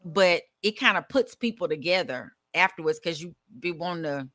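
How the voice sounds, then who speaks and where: A woman's voice: on the low side, moderate pace, no echo, studio quality. A woman, a guest actress telling stories in casual chat, laughing and acting out what others said. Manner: animated, laughing storyteller who acts out quotes.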